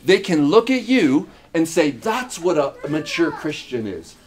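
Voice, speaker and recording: A man's voice: on the high side, big pitch swings, a little slow. A man preaching a sermon as pastor, emphatic, with repeated phrases and rhetorical questions. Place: church in Uganda.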